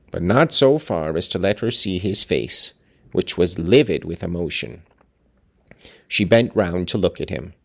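A man's voice: low-pitched, vocal fry. A man reading a classic novel aloud and breaking off for wry, joking commentary. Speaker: reader and host.

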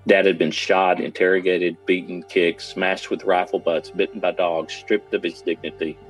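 Husky deep-voiced man telling a story. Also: little pitch movement, faint music behind, low-quality recording. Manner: earnest, dramatic retelling with pauses. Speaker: son recounting his father's war story. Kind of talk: documentary interview storytelling.

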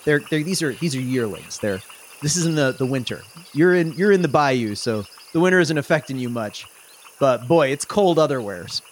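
A man's voice: mid-range voice, expressive, moderate pace, slight background noise. A man narrating a tabletop game as game master, rambling and amused. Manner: rambling, amused, with many restarts.

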